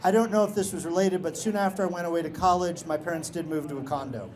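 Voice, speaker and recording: Brief: middle-aged man, fairly high voice, live storyteller, dry self-mocking humor. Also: fast talker, crowd noise, low-quality recording. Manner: wry, self-deprecating humor. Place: live show at a beach-bar venue.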